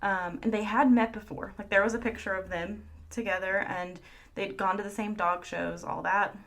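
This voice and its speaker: Woman podcast host yakking casually, laughs a lot, mid-pitched voice. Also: fairly even intonation, normal speed, gravelly, a bit bright. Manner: chatty, storytelling, laughs often. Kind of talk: casual chat.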